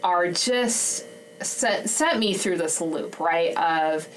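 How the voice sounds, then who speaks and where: A woman's voice: lowish voice, slow pace. A woman co-hosting a faith conversation, talking candidly and openly about her emotions and laughing often. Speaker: podcast co-host and homeschooling mother. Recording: distant mic, faint background noise.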